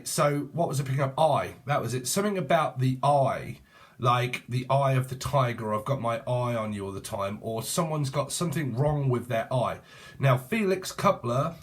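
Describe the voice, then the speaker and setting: Rambling, swearing British man. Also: mid-range voice. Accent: British English. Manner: jokey, swearing, rambling, bursts into sing-song. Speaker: tarot reader. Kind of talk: rambling casual tarot reading.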